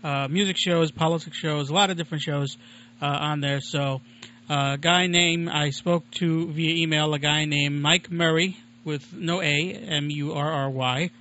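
A man hosts his own home-made radio show in a casual rambling monologue, chatty, digressive, and self-deprecating. His voice is on the high side, bright and forceful, with a steady tone at normal speed. The lo-fi recording is muffled, with slight background noise.

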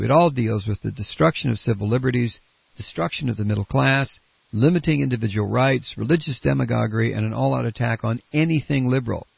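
Combative male radio host with a gravelly, husky, congested voice; dry, dull broadcast sound. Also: mid-range voice, dry recording. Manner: blunt, combative, rambling with restarts. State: coughing, congested. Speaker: radio talk show host. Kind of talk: political talk radio. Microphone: studio microphone.

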